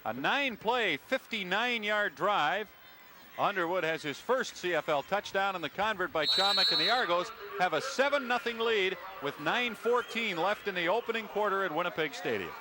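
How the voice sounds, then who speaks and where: A man calling play-by-play for a televised football game in a crisp, steady broadcaster's delivery. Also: high-pitched, moderate pace. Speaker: play-by-play announcer. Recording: loud crowd and stadium noise.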